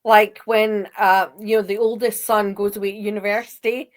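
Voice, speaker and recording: A woman's voice: mid-range voice, level tone, moderate pace. A woman co-hosting a TV review podcast, speaking reflectively in casual chat. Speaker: podcast co-host.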